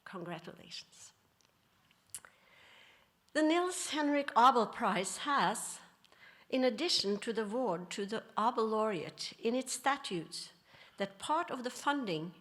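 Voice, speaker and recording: A woman professor giving a formal, prepared ceremony speech in a measured way, phrases trailing off softly. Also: on the high side, lively intonation. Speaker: professor and committee leader.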